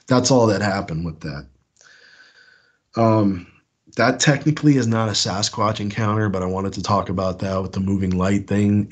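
Husky low-voiced man telling a story. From US East Coast. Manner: rambling, with many fillers and restarts. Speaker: caller sharing encounters. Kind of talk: casual storytelling on a call-in show.

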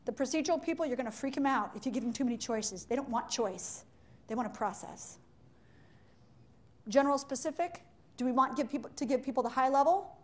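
Woman workshop trainer, high voice, playful chatty teaching style, meeting room. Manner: playful, chatty, quick asides and acted-out examples. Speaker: leadership and sales trainer. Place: meeting room with window blinds.

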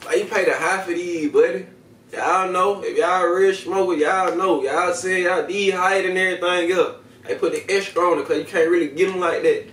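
A man's voice: sits high, steady tone, moderate pace, a bit bright, roomy sound, far from the mic, slight background noise. A man hosting a vlog, chatting casually and profanely straight to his viewers in heavy slang while he reviews what he is smoking. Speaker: video host reviewing smoking products.

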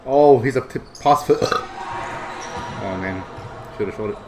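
A young man giving excitable, foul-mouthed reaction commentary. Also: mid-range voice, unhurried, noisy background. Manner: excitable, swears a lot, bursts of shouting. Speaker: vlogger reacting to basketball footage.

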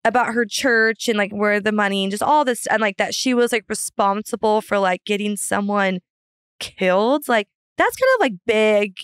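A woman's voice: mid-range voice, moderate pace, smooth, no room sound, clean studio sound. Chatty young woman, filler-heavy. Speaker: podcast guest. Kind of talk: casual chat.

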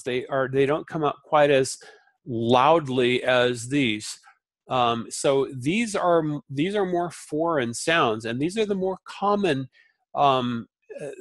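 A man teaching a recorded Sanskrit lesson, repeating syllables slowly and explaining them in a relaxed way with many fillers. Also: mid-range voice, no echo. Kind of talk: recorded lecture.

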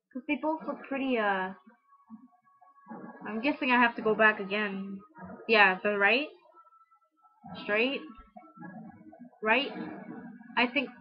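Slow-talking nervous young woman gamer. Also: mid-range voice. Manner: chatty, nervous, talks to the game character and chat. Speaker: livestreaming gamer. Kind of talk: live game commentary. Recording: dull lo-fi stream audio.

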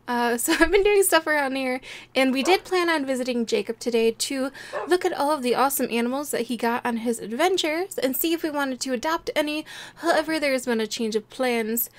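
A woman's voice: high voice, dry recording. A young woman chatting playfully as she plays a building game and talks her viewers through it, laughing often. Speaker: gameplay video host. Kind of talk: casual game commentary.

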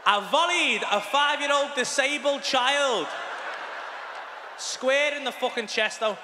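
A man's voice: extremely high pitch, takes it slowly, noisy background. A man doing a sweary, blunt stand-up set in a large theatre. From England. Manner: sweary, blunt storytelling with acted-out outbursts. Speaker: stand-up comedian. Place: large theatre with a big audience. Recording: live hall recording with a loud crowd.

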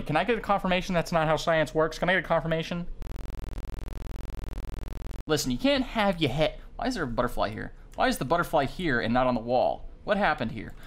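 A man playing a horror game on video, joking, swearing and reacting loudly to scares. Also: a little high. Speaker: gaming video host. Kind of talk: horror game let's play commentary. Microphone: desk mic with facecam.

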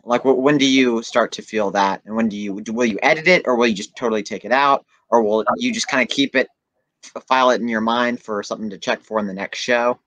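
A man's voice: fairly low pitch, fairly bright tone, no echo. A young man hosting an interview, asking rambling, hesitant questions. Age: young adult. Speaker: podcast host. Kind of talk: casual interview.

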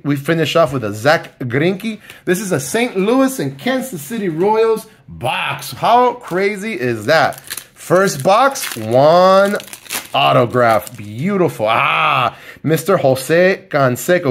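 A man giving casual, excited commentary as he opens trading card packs, calling out each card and talking to his viewers. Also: fairly high pitch. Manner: excited, talks to viewers by name, lots of fillers. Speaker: card collector opening packs.

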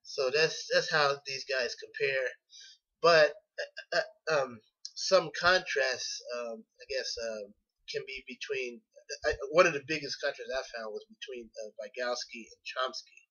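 A man's voice: medium pitch, unhurried, bright, forceful tone. Hesitant man giving a class presentation. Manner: hesitant, many fillers and restarts. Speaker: graduate student presenting. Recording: dull lo-fi recording.

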